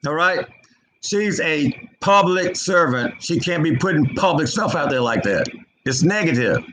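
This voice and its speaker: A man giving an unscripted spiritual commentary, impassioned and repetitive, his pitch swinging between low and high. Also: sing-song, normal speed, a bit bright, slight background noise, rough recording. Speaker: online preacher.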